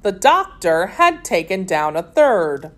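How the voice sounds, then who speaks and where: Woman narrator for a kids' adventure read-aloud; slow, steady, expressive. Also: mid-range voice. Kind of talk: reading a children's story aloud.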